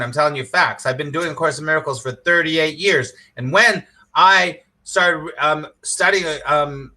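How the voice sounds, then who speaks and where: A slightly high, pushed, bright voice belongs to a middle-aged man teaching spiritual lessons on a live stream. He's enthusiastic, goes over his points again and again, and quizzes viewers by name.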